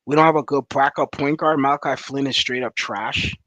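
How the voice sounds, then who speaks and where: A man's voice: mid-range voice, fairly even intonation, brisk, a bit bright, dry recording, dull audio. A man giving a rambling, frustrated post-game reaction as a fan commentator, full of fillers.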